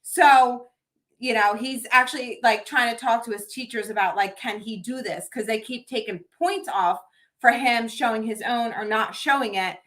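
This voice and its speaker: A middle-aged woman co-hosting a podcast, telling a story in casual chat and acting out the quotes with big jumps in pitch. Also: moderate pace, a bit bright. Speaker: podcast co-host.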